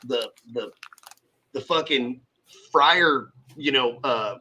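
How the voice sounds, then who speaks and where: A man's voice: medium pitch, slow, pushed and bright. A man telling a long, rambling story in casual chat, swearing constantly.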